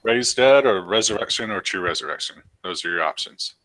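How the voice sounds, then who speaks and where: Man, game player, hesitant, low pitch, bright tense tone. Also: animated, fairly quick, no echo. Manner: hesitant, many fillers. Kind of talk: tabletop game play.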